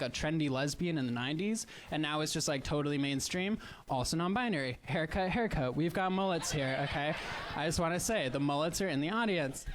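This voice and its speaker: A man with a Midwestern American accent doing a stand-up comedy set, telling stories in a chatty, wry way with quick asides. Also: fairly high pitch, slight background noise. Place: live comedy stage.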